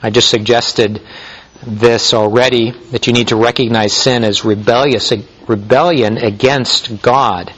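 A male pastor preaching a sermon, teaching in a measured way with frequent small restarts and fillers. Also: medium pitch, fairly even intonation, a bit bright, breathy edge, dull audio.

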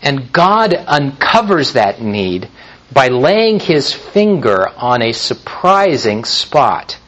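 A man preaching a sermon in a measured way, with frequent pauses and restarts. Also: medium pitch, fairly bright tone, dull audio. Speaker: pastor.

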